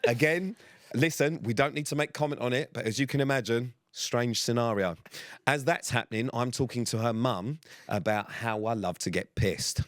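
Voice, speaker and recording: A man in his 30s co-hosts a podcast, telling stories in a casual chat with a dry, sweary delivery. His voice is medium-pitched at a moderate pace, and the recording is dry.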